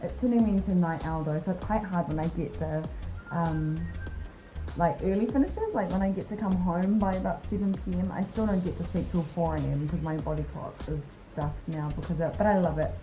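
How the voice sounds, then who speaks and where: A woman's voice: fairly low pitch, brisk, dark tone, low-quality recording. Young woman with a New Zealand accent, chatty and upbeat vlogger, laughs easily, talks over background music. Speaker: vlogger and airport worker. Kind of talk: casual vlog chat.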